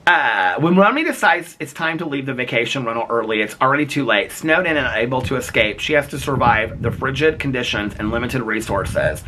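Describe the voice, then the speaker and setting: A man chatting casually in a vlog, animated and playful, laughing often, recorded outdoors in the cold. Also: mid-range voice, brisk, few pauses, a little hiss or hum. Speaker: vlogger.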